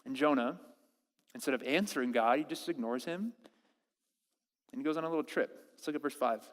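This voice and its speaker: A man delivers a sermon at a church service with lively energy. His voice sits on the higher side for a man. He often stumbles and restarts while acting out quoted prayers, and a long reverb trails his words through the hall. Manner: animated, acts out quoted prayers with halting restarts. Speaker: pastor.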